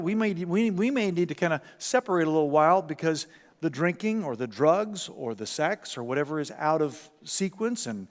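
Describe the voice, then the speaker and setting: A man preaching a sermon in a church, animated, acting out everyday scenes and often repeating words. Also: high voice, big-room sound. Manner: animated, acts out parent and commercial voices, repeats words. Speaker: pastor. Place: church sanctuary.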